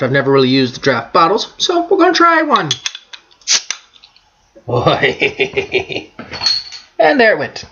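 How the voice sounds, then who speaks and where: A woman's voice: low-pitched, a bit bright, highs cut off. A woman vlogging casually over a beer, telling crude jokes in a brash, joking manner. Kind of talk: casual beer-drinking vlog with bawdy jokes.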